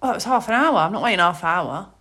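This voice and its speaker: A woman co-hosting a podcast, chatting casually, playful and mock-indignant with quick comebacks. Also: medium pitch, animated, sharp tone, husky. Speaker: podcast co-host. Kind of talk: casual chat.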